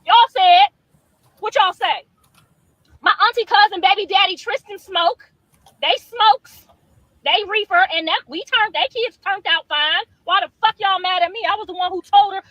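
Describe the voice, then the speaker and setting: A woman's voice: very high voice, normal speed, pushed and bright, no echo. A woman ranting heatedly at her critics, profane and scolding. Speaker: guest on a livestream. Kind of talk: angry ranting monologue. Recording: dull lo-fi clip audio.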